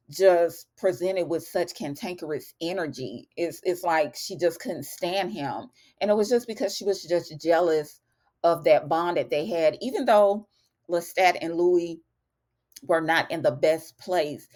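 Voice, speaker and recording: A woman's voice: deep voice, darkish tone. A woman chatting casually through a TV episode recap, calling her viewers y'all. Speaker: TV recap vlogger.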